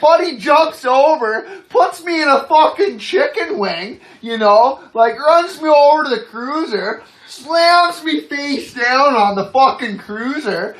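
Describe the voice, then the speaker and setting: A man's voice: extremely high pitch, expressive, takes it slowly, hardly any pauses, a bit bright. A man telling a story in casual talk, swearing constantly and laughing as he goes.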